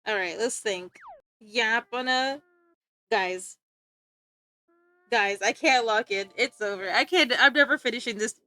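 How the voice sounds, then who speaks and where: High bright giggly young woman streamer. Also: measured pace, long pauses. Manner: giggly, easily sidetracked, talks to chat and friends. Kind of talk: casual rambling stream chat.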